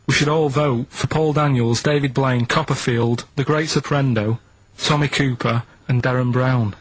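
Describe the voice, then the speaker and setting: A man's voice: medium pitch, steady tone, normal speed, slight background noise, rough recording. A man on a radio show, plainly and stubbornly explaining quiz clues and checking in with "right?" as he goes. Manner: plodding, matter-of-fact explaining, keeps asking "right?". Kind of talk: casual radio banter. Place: radio studio. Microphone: studio microphone.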